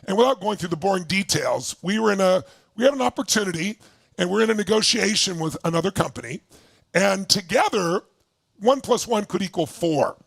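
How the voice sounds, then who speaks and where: A man telling a story in an animated, emphatic motivational talk, swearing freely. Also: sits high, fairly quick, gravelly, no room sound, clean studio sound. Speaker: motivational speaker.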